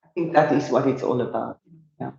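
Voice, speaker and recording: A woman moderating a seminar conversation, reading out audience questions at an unhurried pace. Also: rumbling low, fairly even intonation, vocal fry, warm tone, heavy reverb, lo-fi sound.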